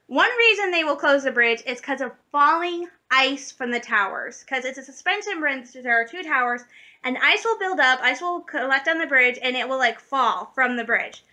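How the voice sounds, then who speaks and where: A woman's voice: sits high, sharp tone. A woman, vlogging in a rambling, chatty way, laughing often and correcting herself mid-sentence. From Michigan, USA. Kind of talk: casual vlog chat.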